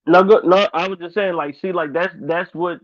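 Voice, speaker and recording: Podcast co-host from Ohio, fairly high male voice, animated and rambling, thin phone-like dry recording. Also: normal speed, dry recording. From Dayton, Ohio. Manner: animated, rambling, lots of fillers. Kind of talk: casual chat. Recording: dry, tinny phone-like sound.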